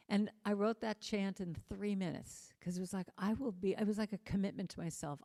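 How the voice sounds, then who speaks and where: A woman with an American accent giving a spiritual talk. She speaks gently and earnestly, slowing down on key phrases. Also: mid-range voice, steady tone, big-room sound. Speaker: musician and inspirational speaker. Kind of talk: spiritual talk with sung chant.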